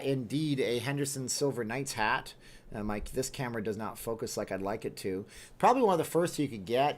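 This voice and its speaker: A man's voice: mid-range voice, a bit bright. Chatty man hosting a livestream. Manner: talkative, reads viewer comments aloud and answers them. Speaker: livestream host. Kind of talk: casual livestream chat.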